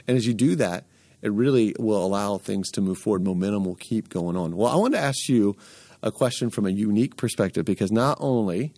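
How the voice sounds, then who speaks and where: A man with a somewhat low voice hosts a conversational interview. He talks earnestly, like a coach, building his points in lists. The sound is dry and close, with no room around it. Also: expressive, a little fast, a little mellow, no room sound. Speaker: podcast host.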